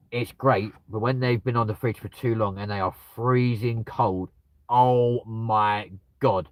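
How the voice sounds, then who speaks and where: At home with dogs nearby, a banter-style streamer reads out his chat and replies with crude jokes in a casual conversation. His voice is medium-pitched, with no room sound.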